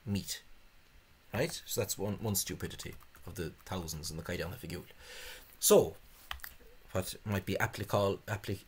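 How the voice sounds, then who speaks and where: A man's voice: lowish voice, husky. A man gives a spoken lecture on spelling, hesitant and full of fillers, with scornful asides. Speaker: language video host.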